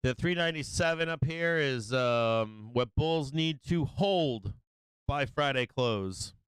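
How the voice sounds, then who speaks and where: Excitable, profane man calling the market. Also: mid-range voice, slow pace, clear, resonant tone, dry recording, poor audio. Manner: excitable, profane, repeats himself. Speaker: livestream market commentator. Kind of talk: casual live trading commentary.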